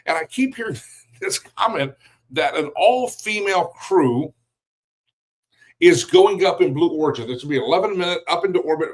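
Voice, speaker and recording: A man's voice: a little high, rough recording. A man hosting a daily news show, giving blunt, mocking opinion commentary with chuckles between remarks.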